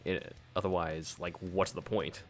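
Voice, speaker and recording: A man co-hosting a casual podcast, giving relaxed, opinionated takes on casting and movie writing. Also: low voice, a little slow, faint music behind. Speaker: podcast co-host. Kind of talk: casual chat.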